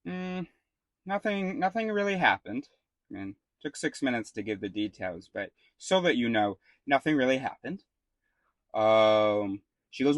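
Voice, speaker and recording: A man's voice: mid-range voice, expressive, a little slow, no room sound. Rambling, cussing man telling a story. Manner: rambling, profane, full of fillers and restarts. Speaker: vlogger. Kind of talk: casual storytelling monologue.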